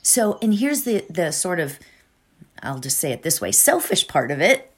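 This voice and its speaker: A woman's voice: on the low side, big pitch swings, moderate pace, breathy edge. A woman giving an earnest, emotional talk before a guided meditation, often asking "right?".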